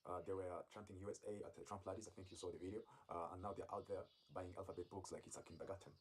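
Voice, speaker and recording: A man's voice: low voice, little pitch movement, racing, slightly rough. A man hosting a reaction commentary channel, speaking to viewers with frequent filler sounds. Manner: filler-heavy, addressing viewers.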